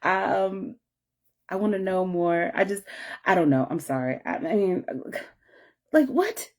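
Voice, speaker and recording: This vlogger's voice sits on the low side, and her pace is slightly slow. She wanders through a painful personal account, frequently starting over, saying sorry, and sometimes near tears.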